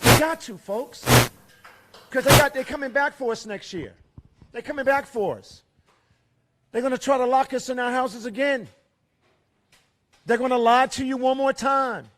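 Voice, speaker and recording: A middle-aged man giving an impassioned rally speech at a fairgrounds event. He hammers home rhetorical questions and swings between loud and hushed. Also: very high-pitched, normal speed, pauses often, slight background noise. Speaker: rally speaker.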